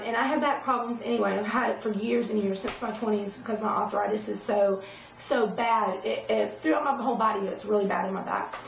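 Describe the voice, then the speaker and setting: Middle-aged woman, gravelly voice, fairly high pitch, rambling emphatic vlog talk, roomy echo, distant from the mic. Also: slight background noise. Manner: rambling and emphatic, tags points with "okay?". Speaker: vlogger. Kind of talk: casual personal talk to camera.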